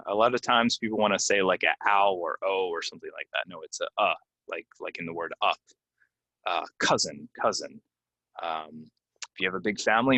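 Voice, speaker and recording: Low bright-voiced teacher. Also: male voice, no echo. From United States. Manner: slow, stressed model pronunciations with many ums. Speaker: English pronunciation teacher. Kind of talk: casual spoken lesson to learners.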